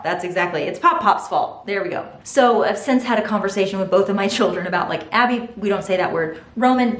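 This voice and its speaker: A young woman vlogger telling a funny family story to her viewers, laughing as she goes and acting out the people she quotes. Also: mid-range voice. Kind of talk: casual story time to camera. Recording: roomy echo.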